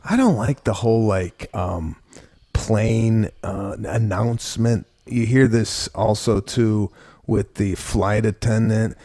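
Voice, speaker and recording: A man's voice: fairly low pitch, slow pace, warm tone, dry recording. A man co-hosting a comedy podcast, ranting animatedly and acting out little scenes. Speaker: podcast co-host. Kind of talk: casual comedy chat.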